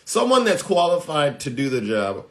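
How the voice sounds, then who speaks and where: Emphatic, taunting man with a high-leaning voice. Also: huge pitch swings, normal speed. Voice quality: emphatic, repeats "all right?" as a tag. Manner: preachy, taunting. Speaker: social media commentator. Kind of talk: political monologue to followers.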